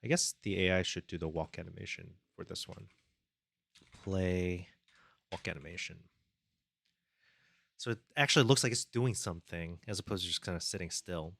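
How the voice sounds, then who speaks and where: A deep, creaky voice at normal speed, fairly bright, with long pauses and no room sound. The man live-streams his game development, talking himself through the code, and casually reads chat and thanks viewers from a close desk mic.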